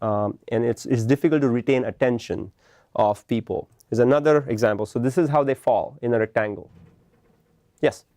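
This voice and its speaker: A man's voice: medium pitch, moderate pace, warm tone, dry recording. A man giving a classroom lecture, explaining patiently and checking in with "right?" as he goes. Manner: explanatory, tags points with "right?". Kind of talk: classroom lecture on film composition.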